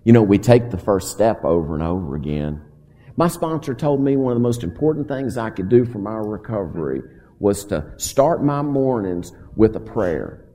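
Man speaking at a recovery meeting, lively folksy delivery, dark husky low voice, echoing hall. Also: normal speed. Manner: folksy, animated storyteller. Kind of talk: personal storytelling to a live audience. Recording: long hall reverb.

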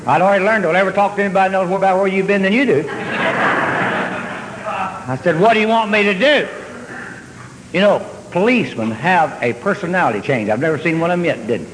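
A man telling a long comic story on stage, drawling and deadpan, then jumping up in excitement. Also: high voice, quick pace, pauses often, background noise. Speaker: comedian. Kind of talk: stand-up storytelling. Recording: hall reverb with faint ambience.

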